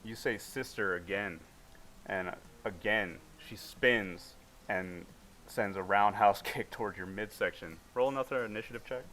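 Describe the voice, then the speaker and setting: A male game master with a lowish voice narrates the action in a vivid, casual way. He sets scenes and calls for rolls in a tabletop role-play. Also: unhurried, pushed and bright, slight background noise, poor audio.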